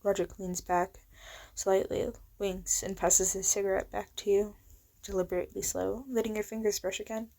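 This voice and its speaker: A young woman narrating a second-person romance story in a soft, intimate voice that slips into whispers. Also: mid-range voice, flat delivery, moderate pace, no echo. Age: young adult. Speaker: fan fiction narrator.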